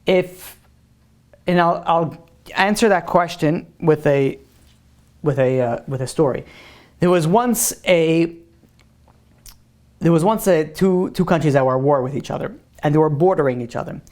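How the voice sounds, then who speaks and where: A man's voice: on the high side, unhurried, pauses often, a little mellow. A man who is a rabbi, giving a religious class in a loose, conversational way, answering questions and telling a story.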